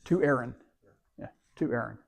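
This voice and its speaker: Creaky and slightly rough, this medium-pitched male voice moves at a moderate pace. He leads a service, reading scripture and teaching Hebrew words letter by letter, patiently spelling out every sound.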